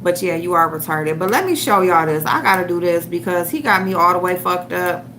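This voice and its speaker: A woman's voice: lowish voice, a little fast, a bit bright, a little hiss or hum. A woman hosting an online show, ranting and mocking someone with heavy profanity while she looks for a clip to show her viewers. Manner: profane, mocking, trash-talking. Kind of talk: ranting commentary livestream.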